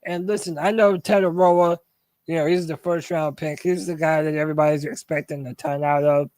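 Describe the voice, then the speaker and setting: Animated high-voiced man, sports podcast co-host. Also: brisk, dry recording. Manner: animated, asks the panel questions. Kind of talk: casual sports talk.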